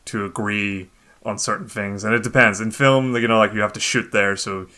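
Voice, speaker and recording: Bright-voiced, laughing male podcast host. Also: lowish voice, fairly even intonation, normal speed. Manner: laughs often, swears freely. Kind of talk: casual chat.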